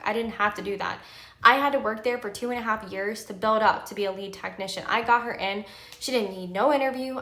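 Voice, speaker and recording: Woman in her 30s ranting on her vlog, bright edgy voice, lots of like and you know, echoey room. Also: medium pitch. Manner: heated, emphatic venting with many fillers. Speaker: pharmacy technician and nursing student. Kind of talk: candid vlog storytime.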